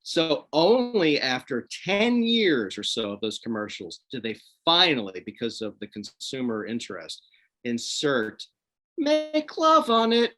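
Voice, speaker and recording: A man in casual chat, an animated storyteller who laughs often, from the Washington DC area. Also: medium pitch, measured pace. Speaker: guest.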